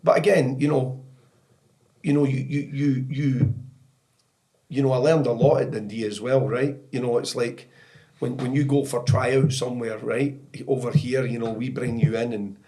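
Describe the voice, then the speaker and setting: A middle-aged Scottish man with a voice of ordinary pitch talks as a podcast guest. He tells his stories in a meandering way, leaning on "you know" and starting sentences over. He laughs easily as he talks. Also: steady tone, moderate pace, mellow. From Scotland. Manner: rambling anecdotes full of "you know" and restarts, often laughing. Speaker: podcast guest, soccer technical director. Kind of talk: storytelling podcast interview.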